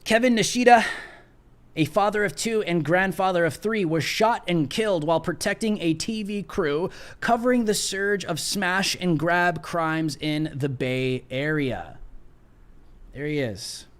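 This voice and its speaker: A man's voice: high voice, measured pace. Emphatic, sarcastic male political host. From United States. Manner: emphatic, sarcastic, reads news article aloud. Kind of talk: livestream political commentary.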